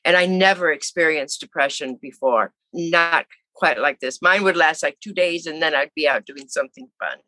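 An older woman in her seventies recounts her life in an animated, chatty way, slipping into the voices of people she quotes. Her voice is bright and forceful, recorded dry and close. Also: low voice, moderate pace, hardly any pauses, no room sound. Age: 70s. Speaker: interview guest. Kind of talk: casual storytelling.

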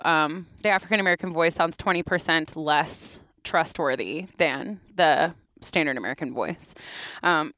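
A young woman with a lowish, smooth, clear voice talks through her research in an easygoing, explanatory way. The sound is dry and close, with no room around it. She laughs easily between points. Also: fairly bright tone, dry recording. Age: young adult. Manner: explains at length, laughs often, quotes voices. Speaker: linguistics researcher, guest. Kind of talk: casual interview talk.

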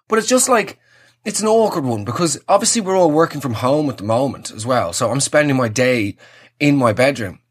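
A man's voice: mid-range voice, lively intonation, brisk, husky. A young Irish man hosting his podcast, ranting in a sarcastic, exasperated comic monologue. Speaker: podcast host. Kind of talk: casual comedic monologue.

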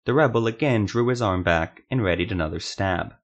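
Male narrator, low voice, measured dramatic fantasy audiobook reading. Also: fairly even intonation.

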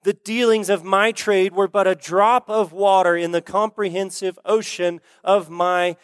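A man's voice: sits high, steady tone, a little slow, clean tone, dry recording, clean studio sound, pitched above the performer's own voice. A man reading aloud the lines of a remorseful chained male ghost, declaiming old-fashioned literary speech. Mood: anguished.

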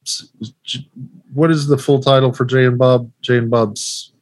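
A man's voice: mid-range voice, flat delivery, normal speed, darkish tone, no echo. A man co-hosting a casual movie podcast, running through lists with lots of ums and restarts. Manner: rambling, filler-heavy list reading. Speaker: podcast co-host.

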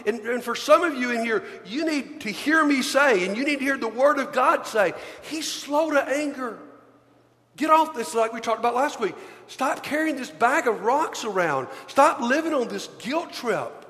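A man preaching a sermon as pastor, pleading earnestly and swinging between hushed and loud passages. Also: very high-pitched, animated, moderate pace. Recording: long hall reverb.

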